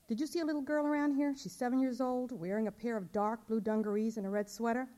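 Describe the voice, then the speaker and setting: A woman's voice: on the high side, fairly even intonation, fast, dark tone, voice pushed up, close to an everyday voice. A woman voicing a worried young mother asking around for her missing daughter, polite and pleading. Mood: anxious. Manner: anxious, polite, pleading questions.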